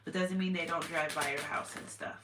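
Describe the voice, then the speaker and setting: A woman's voice: deep voice, fairly even intonation, brisk, bright, forceful tone. A woman giving a casual tarot reading to her viewers, chatty and repetitive with sudden exclamations. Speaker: tarot reader. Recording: echoey room with faint noise.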